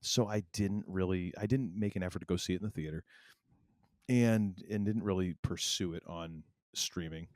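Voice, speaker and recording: A middle-aged man co-hosting a podcast, telling a story in casual chat and acting out family quotes with animated energy. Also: low voice, moderate pace, no echo, studio quality. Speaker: podcast co-host.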